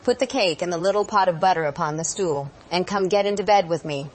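A woman voicing a big, wicked male wolf in a storybook reading, gruff and wheedling. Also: on the low side, a little fast, a little mellow, natural voice, poor audio. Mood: coaxing.

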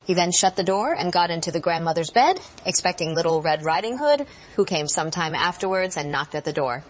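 A woman's voice: on the low side, lively intonation, brisk. Woman reading a fairy tale aloud. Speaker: storyteller.

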